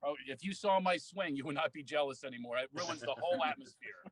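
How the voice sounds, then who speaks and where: A man's voice: fairly high pitch, a crowd in the background, low-quality recording. A middle-aged man, a guest comedian, telling self-mocking stories on a video call from outdoors on a golf course. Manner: self-mocking storyteller, quick laughs. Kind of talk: casual chat.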